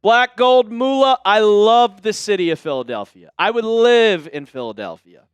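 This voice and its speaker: Male livestream host, smooth high voice in a dry room, jokey chat with viewers. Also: expressive, normal speed, no echo. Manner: jokey, chatty, addresses viewers by name.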